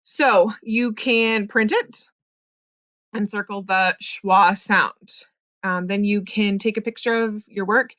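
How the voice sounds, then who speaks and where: A woman's voice: medium pitch, fairly even intonation, fairly bright tone, dry recording. Patient woman teacher, dry close sound. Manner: patient, explains slowly with many ums. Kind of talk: recorded classroom lesson.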